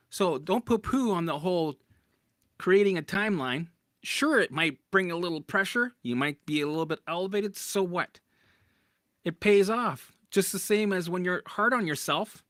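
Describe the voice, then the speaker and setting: A man coaching people through recovery in a blunt, profane, animated casual talk. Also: sits high, no room sound, studio quality. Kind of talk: casual motivational talk to camera.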